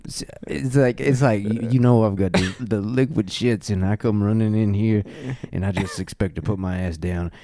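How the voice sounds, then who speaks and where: A man's voice: fairly low pitch, fairly even intonation, moderate pace, few pauses, warm tone, dry recording, clean studio sound. Man, podcast co-host, casual comedy chat, rambling, laughs a lot. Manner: rambling, laughing through jokes.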